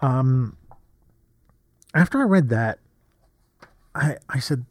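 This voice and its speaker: A man's voice: medium pitch, expressive, takes it slowly, darkish tone. A man in his fifties, a photographer, talking casually and reflectively, rambling with frequent restarts and asides as he reads from an old journal. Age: 50s.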